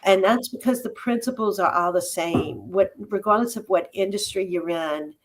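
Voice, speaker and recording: A woman who coaches and speaks in public, answering interview questions in a thoughtful way with many "um" pauses. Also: mid-range voice. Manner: thoughtful, uses many "um" fillers, tells stories about herself. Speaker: podcast guest, coach and speaker. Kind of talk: casual interview conversation.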